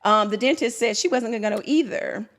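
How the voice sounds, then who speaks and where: A woman's voice: fairly high pitch, brisk, fairly bright tone. A woman hosting a casual chat, sassy and gossipy, laughing often as she recaps. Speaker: host.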